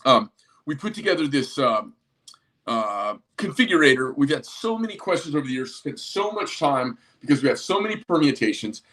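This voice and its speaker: A man's voice: mid-range voice, big pitch swings, normal speed, fairly bright tone. A man who owns a small knife company, ranting casually with lots of profanity and rambling asides. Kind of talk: casual rant to camera.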